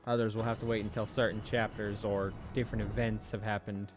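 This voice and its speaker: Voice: mid-range voice, flat delivery, brisk. A streamer giving offhand, sarcastic commentary while playing a game. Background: game music.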